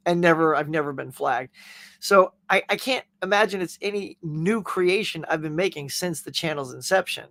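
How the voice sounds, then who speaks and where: A man's voice: on the high side, moderate pace, a bit bright, no room sound. A man hosting a casual pop culture show, chatting and rambling through viewer comments with frequent laughs. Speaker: podcast host reading viewer comments. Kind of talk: casual chat.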